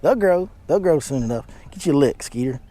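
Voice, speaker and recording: A man, a fishing guide giving excited commentary from a boat and chatting to his dog in baby talk. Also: a little high, normal speed. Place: on a boat on a lake, outdoors.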